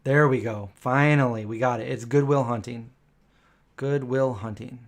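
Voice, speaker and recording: A man's voice: medium pitch, steady tone, moderate pace. A man hosting a live stream, chatting casually with viewers and correcting himself as he goes with plenty of ums. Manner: chatty, rambling, lots of um and self-correction.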